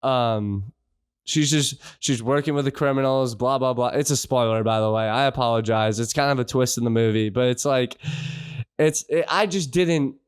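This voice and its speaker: A man's voice: mid-range voice, moderate pace, clear, resonant tone, dry recording, studio quality. A man co-hosting a podcast, rambling frustrated through a casual film review with many restarts. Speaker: podcast co-host.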